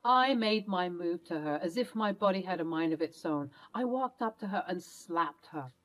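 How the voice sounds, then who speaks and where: A woman's voice: on the low side, expressive, moderate pace, rough recording. A woman telling a dramatic first-person story in an earnest narrating voice.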